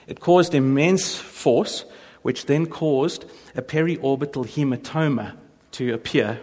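Man joking through a talk in a hall. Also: mid-range voice. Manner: storytelling with jokes and quick impressions. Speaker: speaker. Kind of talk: humorous faith talk. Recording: long reverb of a large hall.

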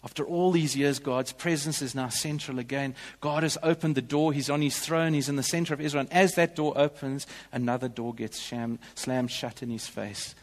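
A man's voice: mid-range voice, steady tone, normal speed, hardly any pauses, in a large hall. A male pastor delivering a sermon in a church, in an earnest, emphatic way.

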